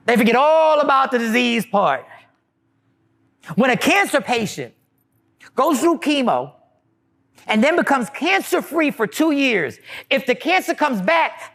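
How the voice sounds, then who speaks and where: A man delivering a comic stand-up style monologue, animated and mocking the voices of others. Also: very high-pitched, unhurried, long pauses. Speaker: comedian.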